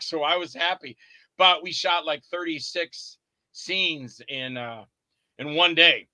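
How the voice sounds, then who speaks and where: A man's voice: on the high side, moderate pace, no room sound, muffled recording. A man, an indie horror actor and filmmaker, telling stories in a casual interview, acting out the people in them and swearing freely. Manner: animated, acts out the other people in his stories.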